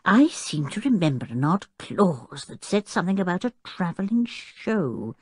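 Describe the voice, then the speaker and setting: A woman's voice: on the low side, big pitch swings, darkish tone, breathy edge, dry recording, clean studio sound, voice pushed up. A woman reading as a scholarly old professor. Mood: explanatory. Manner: explanatory, measured. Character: older male professor, scholarly and mild.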